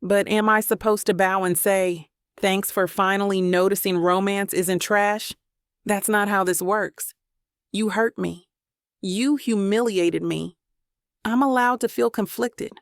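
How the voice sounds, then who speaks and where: A woman voicing a sharp-tongued young woman romance author with a Southern accent, snapping sarcastic retorts. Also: medium pitch, steady tone, unhurried, clear, resonant tone, no room sound, clean studio sound, close to an everyday voice. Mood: angry.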